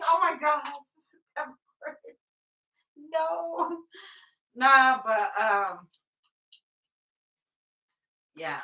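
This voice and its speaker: A woman's voice: high voice, slow pace, long pauses, bright, forceful tone. A woman giving a casual tarot reading, blunt and profane, often breaking into laughter. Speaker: tarot reader. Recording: roomy sound from off the mic.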